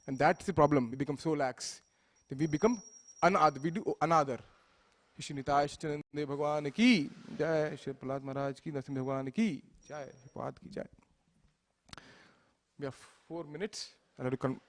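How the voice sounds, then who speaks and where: A man giving a temple sermon, telling a sacred story and acting out the deities' speech with sudden loud bursts, often asking listeners "right?". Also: a little high. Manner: acts out the deities' speech with rising loudness, asks listeners "right?". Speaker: speaker giving a temple lecture.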